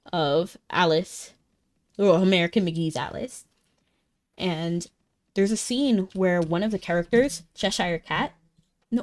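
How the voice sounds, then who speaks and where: A young woman chatting casually with viewers while streaming a game, bubbly and talkative. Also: lowish voice. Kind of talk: casual live-stream chat. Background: faint game music.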